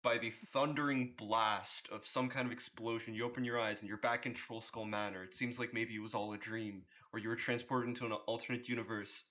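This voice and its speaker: Bright-voiced male game master. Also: medium pitch, fairly quick, few pauses. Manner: relaxed, descriptive narration. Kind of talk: narrating a tabletop game.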